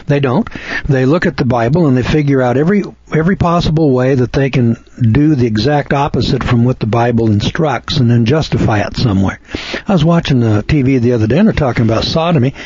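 Husky, folksy male preacher. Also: mid-range voice, fairly quick, darkish tone, dry recording, dull audio. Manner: folksy, sardonic, talks back to a letter writer; frequent throat-clearing. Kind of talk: conversational Bible commentary.

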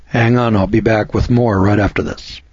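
A man's voice: fairly low pitch, steady tone, normal speed, vocal fry, darkish tone, slightly rough, dry recording. An older man hosting a radio show, giving folksy, preachy commentary and stretching key words for emphasis. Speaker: radio host. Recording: dull lo-fi radio sound.

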